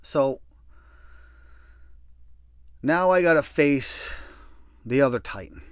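Male storyteller, sardonic and lively, very expressive pitch, dry close recording. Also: dry recording. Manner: animated, sardonic, acts out other people's lines. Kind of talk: personal storytelling.

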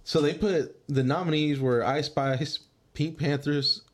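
A man co-hosting a podcast in casual chat, explaining things haltingly and repeating words. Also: fairly high pitch, steady tone. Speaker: podcast co-host.

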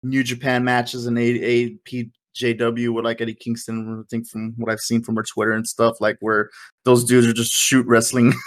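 A man's voice: mid-range voice, normal speed. A man talking loosely on a podcast, rambling from one thought to the next and getting fired up as he goes. His voice sits in an everyday middle register, and he drops a casual curse now and then. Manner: rambling, excitable, swears casually. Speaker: podcast co-host. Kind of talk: casual wrestling podcast chat.

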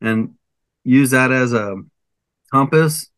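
Bright, dry-voiced older man rambling. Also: mid-range voice, takes it slowly, clean tone, dry recording. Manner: rambling, hesitant, lists things with many fillers. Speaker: comedian guest. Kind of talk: casual interview chat.

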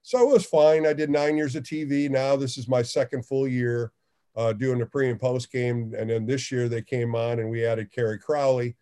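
A middle-aged man with a warm, mellow voice, chatting in an easygoing interview. He tells stories animatedly, jumping higher when he acts out what people said. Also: fairly even intonation, moderate pace, clean tone. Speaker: baseball radio host. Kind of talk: casual interview storytelling.

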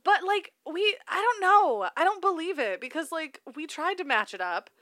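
A woman's voice: very high voice, very animated, moderate pace, a bit bright, no echo, studio quality. A woman co-hosting a podcast in casual chat, using lots of fillers like "like" and "um". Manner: chatty, filler-heavy, laughs easily. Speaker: podcast co-host.

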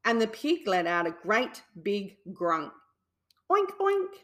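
A woman reading a children's bedtime story aloud in a soothing, deliberate way. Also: medium pitch, a bit bright.

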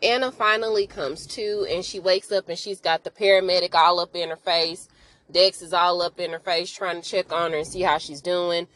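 Chatty woman recapping, low voice. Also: normal speed. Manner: chatty, animated storytelling with slang and asides. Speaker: podcast host. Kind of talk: casual episode recap.

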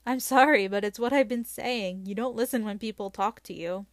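A woman voices a relaxed teenage boy poking fun in a friendly way. The delivery is light and mid-pitched, recorded close and dry. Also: moderate pace, no echo, natural voice. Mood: teasing. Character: easygoing teenage boy, teasing. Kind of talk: read-aloud audiobook dialogue.

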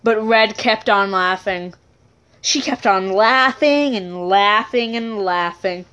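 A woman with a medium-pitched, fairly bright, clean voice tells a funny personal story at a slow pace. She giggles often and keeps breaking into laughter, rambling along with self-correcting asides.

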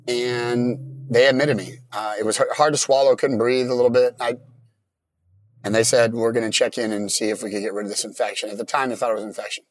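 A man telling his own story in plain, halting casual talk, often restarting his sentences. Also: mid-range voice, fairly even intonation, no room sound.

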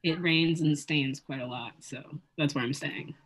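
A young woman with a low voice co-hosting a casual podcast. She rambles playfully, drifts off topic, and tries out silly little voices and sound effects as she talks. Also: a little slow, slightly rough. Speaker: podcast co-host. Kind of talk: casual chat.

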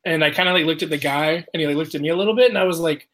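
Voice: mid-range voice, rapid-fire, a bit bright. A person telling a casual story, swearing often, laughing and acting out the quotes of others.

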